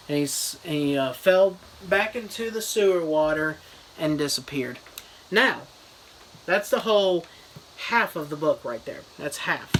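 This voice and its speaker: A man's voice: on the high side, a bit bright, a little hiss or hum, low-quality recording. A man giving a crude joking fake book review, rambling with lots of "you know" and "uh".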